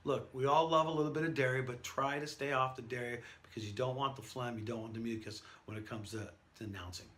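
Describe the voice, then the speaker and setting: A man who works as a professional event announcer, giving an energetic, conversational lesson with stories from his career. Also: medium pitch, fast, hardly any pauses, a little hiss or hum. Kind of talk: instructional talk to camera.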